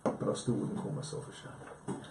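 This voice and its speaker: A man with a dark, mellow voice talks earnestly as a guest on a live TV show. He rambles and repeats himself. The sound comes from a roomy, echoey studio. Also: moderate pace, distant mic, slight background noise. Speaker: guest healer. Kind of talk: live TV chat.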